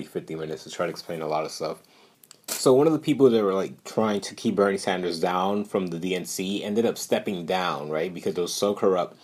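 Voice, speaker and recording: A young man from New York ranting bluntly and profanely on his podcast, animated and outspoken. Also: sits low. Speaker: podcast host. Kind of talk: casual political rant.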